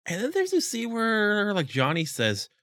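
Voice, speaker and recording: Bright-voiced man recapping a movie casually. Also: high voice, huge pitch swings. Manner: rambling, many "like"s, quotes characters in quick voices.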